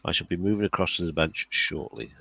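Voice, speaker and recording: A man's voice: sits low, fast, gravelly, sharp tone, muffled recording, a little hiss or hum. A man co-hosting a casual livestream chat, wry and understated, talking into a computer mic. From United Kingdom. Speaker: co-host.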